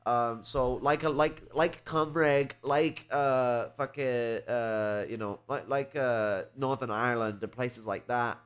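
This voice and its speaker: A man's voice: medium pitch, takes it slowly, few pauses, smooth. Guy rambling in a chat, loads of ums, swears a bit. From England. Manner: rambling, lots of fillers and swearing. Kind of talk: casual chat.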